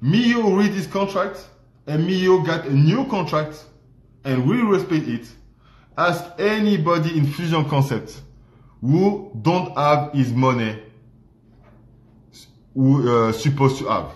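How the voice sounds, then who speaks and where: A man's voice: fairly high pitch, animated, slow pace, pauses often. A man on a livestream speaking emphatic, repetitive, non-native English. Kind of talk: livestream rant. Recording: roomy echo.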